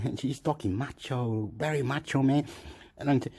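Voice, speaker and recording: A man's voice: mid-range voice, normal speed, vocal fry, a little mellow, slightly rough. A man from Chile, telling a rambling story with frequent laughs and stammered restarts. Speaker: vlogger.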